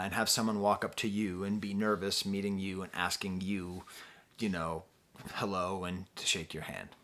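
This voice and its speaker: A middle-aged man telling a story in a casual vlog as a music reviewer, rambling and self-deprecating, with lots of restarts. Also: medium pitch.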